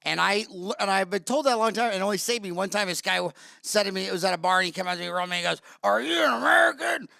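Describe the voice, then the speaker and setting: A man's voice: sits high, fairly even intonation, racing, gravelly, few pauses, bright, forceful tone, no room sound, clean studio sound. A man hosting a podcast interview in casual chat, a rambling, jokey storyteller. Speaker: podcast host.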